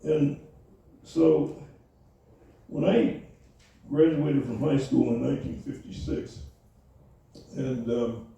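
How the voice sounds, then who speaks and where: An older man tells his memories slowly and haltingly, often pausing on fillers and starting over. His voice is dark and gravelly. The recording is echoey and comes from some distance away from the mic. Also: mid-range voice, highs cut off. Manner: halting, many fillers and restarts. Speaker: interviewee, Navy veteran. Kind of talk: oral history interview. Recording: echoey room, voice from far off.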